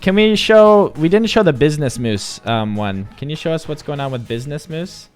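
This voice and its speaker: A man's voice: fairly high pitch, lively intonation, normal speed, clean tone, soft background music. A man hosting a casual livestream, upbeat and encouraging as he chats with a guest and his young son. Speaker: stream host and father.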